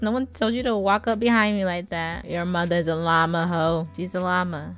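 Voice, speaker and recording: A woman chatting casually as she comments on her own gameplay, playful and prone to sudden loud exclamations. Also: medium pitch, normal speed, faint music behind. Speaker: gaming YouTuber.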